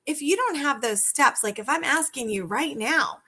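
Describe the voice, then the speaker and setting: Casting: middle-aged woman, sales coach, high bright voice, peppers the listener with questions. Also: normal speed. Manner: animated, asks the viewers many direct questions. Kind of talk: live video coaching talk.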